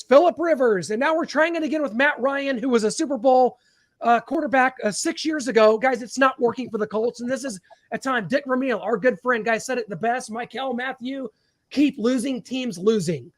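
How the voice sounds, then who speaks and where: High-voiced guy hosting a sports podcast, animated and laughing, dry mic. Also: brisk, no room sound. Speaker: podcast host. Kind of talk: casual sports chat.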